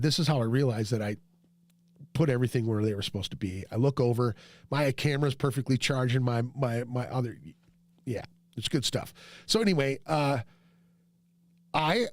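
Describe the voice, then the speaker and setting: A man hosting a podcast who tells a rambling, profane, self-mocking story and jumps into high yelps when quoting himself. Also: moderate pace, pauses often, no echo. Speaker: podcast host. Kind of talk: casual storytelling monologue.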